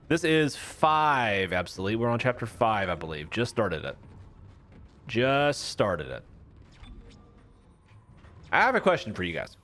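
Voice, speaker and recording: A man's voice: fairly low pitch, big pitch swings, a little slow, long pauses, a bit bright, faint music behind. A young man streaming a horror game, chatting casually and rambling with viewers. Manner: rambling, chatty, self-mocking. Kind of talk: casual gameplay commentary.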